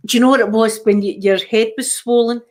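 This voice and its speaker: A woman's voice: on the high side, fairly even intonation, quick pace. Scottish lady chatting away on her stream, rambly, keeps restarting her sentences. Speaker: livestream host. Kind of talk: casual chat.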